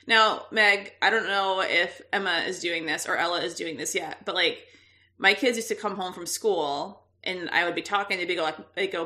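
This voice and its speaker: A woman's voice: fairly low pitch, moderate pace. A woman in her thirties, a podcast co-host, telling a story in casual chat with frequent laughs. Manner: animated storyteller, laughs often.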